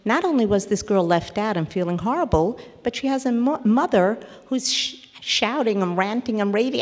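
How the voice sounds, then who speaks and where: A woman's voice: mid-range voice, big pitch swings, normal speed, darkish tone. Emphatic woman lecturing in a reverberant hall. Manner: earnest, emphatic, breaks off and restarts mid-word. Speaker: therapist and parenting lecturer. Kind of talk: workshop lecture.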